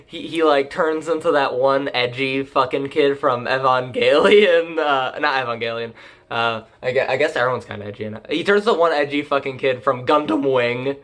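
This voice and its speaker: A man's voice: medium pitch, normal speed, a bit bright. A young man recapping an anime in a casual, rambling and crude manner, joking as he goes. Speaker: anime reviewer.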